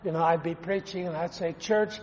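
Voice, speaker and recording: A man preaching a sermon, quoting scripture slowly and with emphasis. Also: fairly high pitch, steady tone, darkish tone, long reverb tail, muffled recording, a little hiss or hum.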